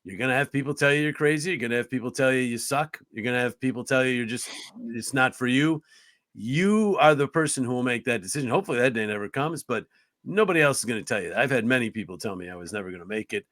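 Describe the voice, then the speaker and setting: A hockey play-by-play man in his fifties, from upstate New York, spins career stories on a podcast in a mid-range voice. He is earnest and chatty, trips over restarts, and pops his pitch up to play the other people in the tale. The sound is dry and close, with no room around it. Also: fast, dry recording. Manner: lively storyteller who acts out other people's lines with his voice jumping up. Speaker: hockey play-by-play broadcaster, guest. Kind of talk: conversational storytelling in a podcast interview.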